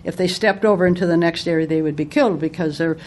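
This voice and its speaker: A woman's voice: on the low side, quick pace, darkish tone. A woman giving a casual spoken book review, retelling its anecdotes in a conversational way.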